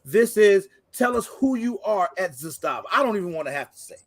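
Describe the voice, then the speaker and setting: A man's voice: high voice, lively intonation, brisk, no echo. A man hosting a casual livestream chat, laid-back and joking, full of slang. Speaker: podcast host.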